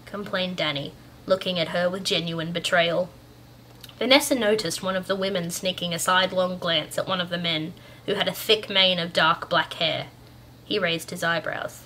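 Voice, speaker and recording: Speaking at a moderate pace in a fairly low, slightly bright voice, this young Australian channel host first chats upbeat with her viewers, fillers and all. Then she shifts into reading a story aloud, with slight background noise behind her.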